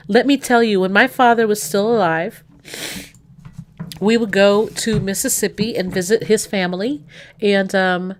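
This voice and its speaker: A middle-aged woman hosting a livestream, tearful and rambling as she chats warmly with her viewers. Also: mid-range voice. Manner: tearful, rambling, full of restarts and laughs. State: crying. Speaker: livestream host. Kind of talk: emotional casual chat to a live audience.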